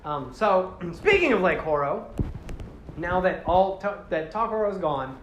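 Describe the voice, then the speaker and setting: A man casually retells a long story, rambling with filler words and tossing in jokes and swearing. His voice sits slightly high. The room echoes, and a faint hiss runs underneath. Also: very animated, a little slow, dull audio. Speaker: host.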